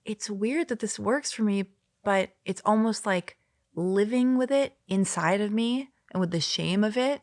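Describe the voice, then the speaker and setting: A woman's voice: mid-range voice, unhurried, no room sound, clean studio sound. A woman in her forties from Los Angeles, telling stories as a podcast guest and acting out the quotes in them. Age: 40s. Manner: animated storyteller who acts out quotes. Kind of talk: casual chat.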